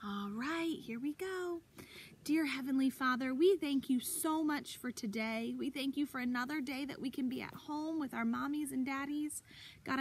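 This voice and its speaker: Female preschool teacher with a high voice, upbeat and encouraging with little children, recorded outside. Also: normal speed, breathy edge. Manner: animated, encouraging, speaks to young children. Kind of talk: child-directed circle time lesson. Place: outdoors.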